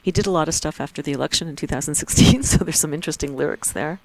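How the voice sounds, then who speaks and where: A woman with a Canadian accent giving chatty, excitable live commentary on a board game tournament. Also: deep voice, rapid-fire, dry recording, poor audio. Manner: chatty, excitable, laughs easily.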